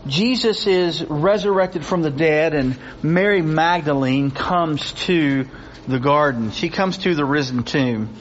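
A man's voice: fairly high pitch, a little slow, slight background noise. A man preaching a sermon, reading scripture with rising intensity and pressing his points through repetition. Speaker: pastor. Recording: dull lo-fi recording with faint ambience.

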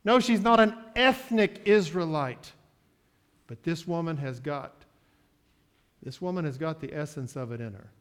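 A man preaching a sermon, moving from quiet asides to loud, drawn-out declarations. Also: fairly high pitch, smooth. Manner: slow, emphatic preaching with sports metaphors; swings from soft asides to loud, stretched-out declarations. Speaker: pastor.

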